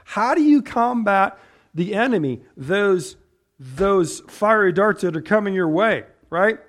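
Man preacher, slightly high voice, emphatic sermon delivery, rhetorical questions. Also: very animated, slow, pauses often, fairly bright tone. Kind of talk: sermon with scripture reading.

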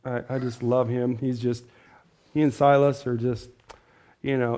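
A man preaching a casual sermon, talking things through with the room, asking for agreement and often clearing his throat. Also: medium pitch, level tone, normal speed, warm tone. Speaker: pastor.

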